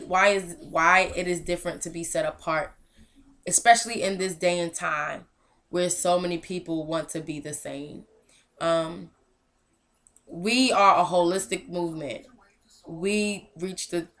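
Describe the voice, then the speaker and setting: Earnest young woman, low-pitched. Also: sharp tone. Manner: earnest, encouraging, with casual slang. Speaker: movement founder and show host. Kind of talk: casual spoken vlog.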